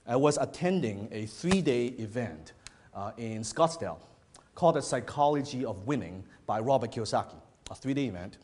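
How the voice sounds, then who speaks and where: A male business speaker addressing a live audience, his pitch swinging widely as he tells his stories. He talks bluntly, swears casually and repeats phrases for emphasis. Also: moderate pace, slight background noise. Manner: animated storytelling, blunt and profane, repeats phrases. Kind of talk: motivational talk to a live audience. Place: event hall before an audience.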